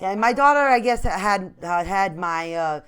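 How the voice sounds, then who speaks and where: A woman co-hosting a radio talk show in casual chat, an animated storyteller who laughs often. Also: mid-range voice, normal speed.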